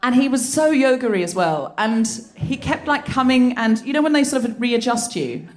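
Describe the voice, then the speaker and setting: A woman is hosting a live comedy show on a theatre stage, and her pitch leaps around as she tells stories between bursts of laughter. Her voice sits a touch high. The recording carries a clear layer of noise. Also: normal speed. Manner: animated, laughing storytelling. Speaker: comedy podcast host. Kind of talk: live stand-up style banter.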